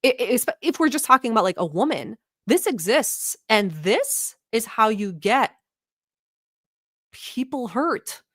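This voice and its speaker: A woman from the Middle East, not a native English speaker, hosting a vlog with blunt, profane and animated reaction commentary. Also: on the high side, measured pace, dry recording, clean studio sound. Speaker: vlog host.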